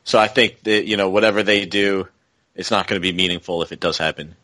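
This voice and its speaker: Casting: low-voiced male co-host, rambling, restarts phrases while thinking, dry close sound. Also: fairly even intonation, quick pace, pushed and bright, no echo, low-quality recording. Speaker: podcast co-host. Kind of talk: casual podcast chat.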